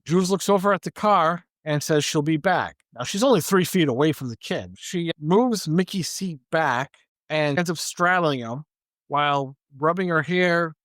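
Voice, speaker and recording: A man's voice: on the high side, moderate pace, a bit bright, no echo, studio quality. A man co-hosting a podcast who retells a movie's scenes step by step and quotes the characters as he goes. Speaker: podcast co-host. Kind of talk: casual movie plot recap.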